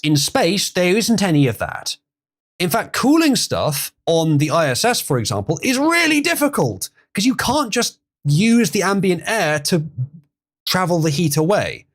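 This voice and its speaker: A man's voice: sits high, very animated, unhurried. A man hosting a livestream, chatting casually, reading chat messages and laughing often. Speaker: livestream host.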